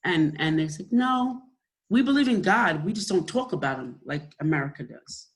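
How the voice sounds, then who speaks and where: A woman co-hosting a podcast, an evangelist telling a personal story in an emotional, animated way with many restarts. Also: lowish voice, moderate pace. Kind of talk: personal storytelling in casual chat.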